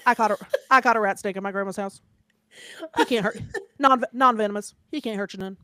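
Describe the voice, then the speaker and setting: A woman putting on the voice of a deadpan, emotionless little country boy of about eight, who answers in short, flat, clipped lines. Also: mid-range voice, a little fast, no echo, studio quality, voice pushed down, lightly acted.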